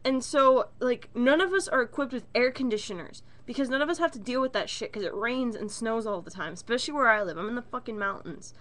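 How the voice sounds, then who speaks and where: A slightly high-voiced woman talks quickly with few pauses, ranting to her camera from her own bedroom. She's an animated, exasperated vlogger telling a casual story full of swearing.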